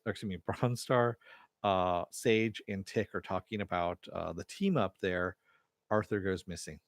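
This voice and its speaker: A man's voice: lowish voice, no room sound, studio quality. A man giving a casual, rambling recap of a TV episode, with lots of fillers and the odd chuckle. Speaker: TV episode reviewer.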